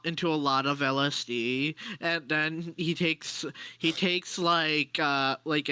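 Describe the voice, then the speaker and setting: A man's voice: on the high side, bright, forceful tone, clear, resonant tone, dry recording. A young man on a podcast, talking in casual chat and rambling through absurd jokes. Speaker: podcast co-host.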